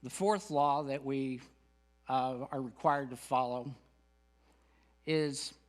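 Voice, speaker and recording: A man's voice: mid-range voice, fairly even intonation, slow. A middle-aged man gives an earnest, folksy spiritual lecture with humorous asides as a guest speaker at a spiritual center.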